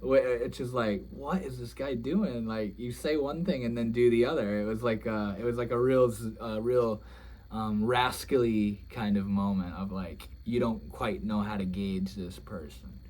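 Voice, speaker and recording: A man's voice: fairly low pitch, steady tone, normal speed, darkish tone. A young man telling a story in a casual, rambling way, dreamy and emotional, with many "like"s and "you know"s. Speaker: vlogger.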